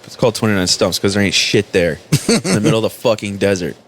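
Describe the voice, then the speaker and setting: A man's voice: lowish voice, fast talker. A man, a former Marine, telling a story in a casual chat, swearing freely and laughing often. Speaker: podcast host, former Marine.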